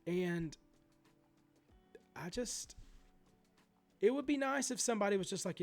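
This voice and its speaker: Animated, profane card-collecting ranter. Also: male voice, sits high, unhurried, gravelly, long pauses, faint music behind. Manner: animated, profane ranting with many asides and restarts. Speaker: sports card collector vlogger. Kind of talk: ranting vlog commentary.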